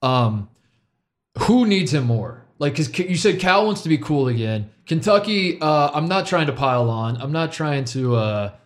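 A man co-hosting a casual sports podcast, from Ohio, talking in an animated way with repeated words and frequent laughs. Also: a little high, normal speed.

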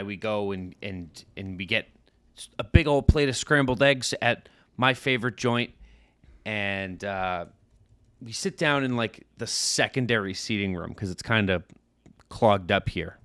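A man's voice: lowish voice, unhurried, no room sound. A man in his thirties, a podcast co-host, telling a casual story and acting out the people in it. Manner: animated storyteller, acts out overheard voices.

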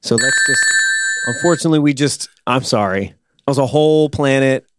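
A man's voice: mid-range voice, moderate pace. A man co-hosting a podcast, playful and joking in casual chat. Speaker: podcast co-host.

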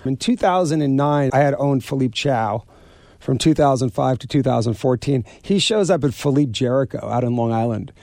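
Guest storyteller, New man, animated, repeats himself, dry close mic. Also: mid-range voice, normal speed, no echo. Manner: animated storyteller, acts out quoted people, repeats words. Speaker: guest author and restaurateur. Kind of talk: storytelling interview.

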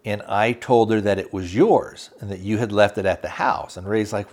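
Man, lowish voice, podcast host, rambling recap, lots of ums and restarts. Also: fairly even intonation, a little mellow. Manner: rambling, halting, many fillers, acts out quotes loosely. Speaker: podcast host reviewing a TV series. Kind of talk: casual recap, plot retelling.

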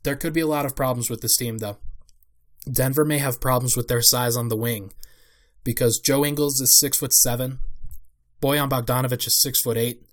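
Young man, podcast host, solo sports analysis, casual, middle-pitched voice, thinks aloud with fillers and restarts. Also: steady tone, moderate pace.

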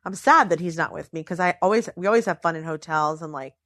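Animated woman telling a story, dry sound. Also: fast talker, dry recording. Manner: animated, acts out quotes with pitch swings. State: tired. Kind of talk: casual storytelling chat.

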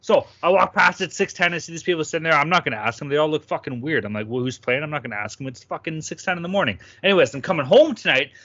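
A man from Toronto hosting a podcast, loud and hyped, swearing freely in casual banter. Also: a little high, animated, quick pace, hardly any pauses, no room sound, muffled recording. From Toronto, Canada. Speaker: podcast host.

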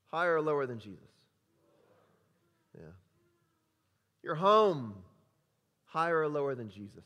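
A man's voice: medium pitch, animated, fairly quick, long pauses, a bit bright. A male pastor preaching a sermon, emphatic and conversational, quizzing the congregation with repeated questions. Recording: long hall reverb.

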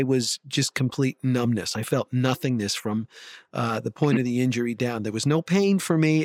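A man's voice: mid-range voice, no room sound, clean studio sound. A man hosting an interview, empathetic, with brief affirmations and his own reflections. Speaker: podcast host.

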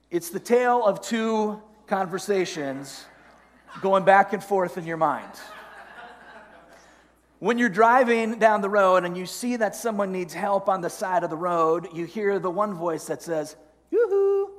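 A man's voice: fairly high pitch, long reverb tail. A middle-aged man preaching a sermon as pastor, telling stories animatedly. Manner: storytelling, animated, acts out inner voices. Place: church sanctuary.

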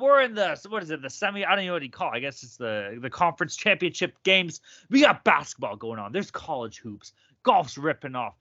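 A man co-hosting a sports betting podcast, talking loud, profane and hyped-up. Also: mid-range voice, very animated, fast, hardly any pauses, no room sound, lo-fi sound. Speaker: podcast co-host.

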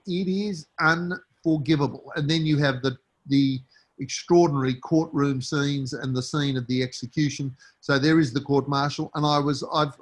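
A man, an author answering interview questions in a passionate, emphatic way, repeating phrases and building to indignant peaks. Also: mid-range voice.

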